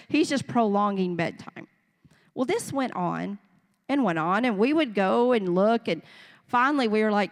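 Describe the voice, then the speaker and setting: A woman's voice: fairly high pitch, normal speed. Woman preaching in a reverberant hall. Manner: storytelling, animated, acts out voices of children and parents. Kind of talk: sermon. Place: church sanctuary. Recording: long reverb of a church hall.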